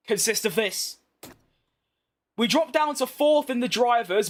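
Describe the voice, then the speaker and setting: Young British man, fairly high-pitched, chatty, blunt, slangy banter, casual game commentary. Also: expressive, a little slow, pauses often, a bit bright. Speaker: gaming YouTuber. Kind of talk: casual gameplay commentary reading chat.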